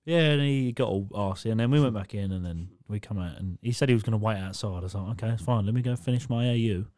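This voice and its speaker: A man's voice: lowish voice, fast, slight background noise. A man co-hosting a casual podcast, telling stories with lots of swearing and acting out what people said. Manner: animated storytelling, acts out quotes, swears freely. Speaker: podcast co-host. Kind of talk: casual chat.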